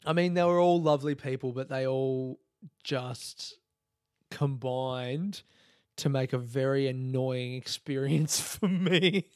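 A podcast host with a medium-pitched male voice speaks slowly and cleanly in a dry studio recording. He tells a story in a casual monologue, swearing a lot, laughing as he goes, and doing voices when he quotes people.

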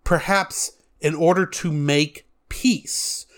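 A man in his thirties co-hosting a film discussion, speaking in a measured, deliberate way with dry teasing. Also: fairly high pitch, steady tone, a bit bright. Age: 30s. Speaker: co-host. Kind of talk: calm film review chat.

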